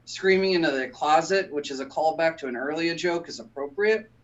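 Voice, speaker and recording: A man doing a stand-up set, delivering deadpan, absurd one-liners. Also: fairly high pitch, a little fast, muffled recording. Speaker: stand-up comic.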